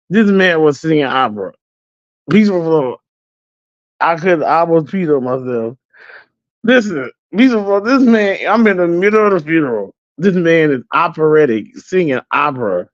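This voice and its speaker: A man's voice: on the high side, expressive, normal speed, no room sound, highs cut off. A man hosting his own channel, telling a story in a loose, chatty way to viewers and laughing easily as he goes. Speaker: channel host. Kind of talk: casual storytelling to livestream viewers.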